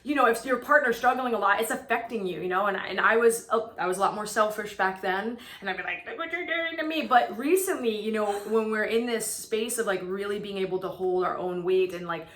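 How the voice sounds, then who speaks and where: A woman's voice: mid-range voice, a little fast, hardly any pauses, fairly bright tone, echoey room. A woman coach chatting earnestly about her relationship, telling stories with restarts. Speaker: twin flame coach. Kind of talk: casual chat.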